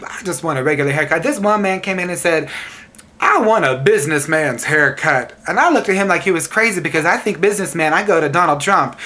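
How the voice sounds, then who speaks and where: A woman's voice: medium pitch, fairly bright tone. Sassy, exasperated woman hairstylist venting. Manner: sassy, exasperated, laughing storyteller. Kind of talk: venting storytime to camera.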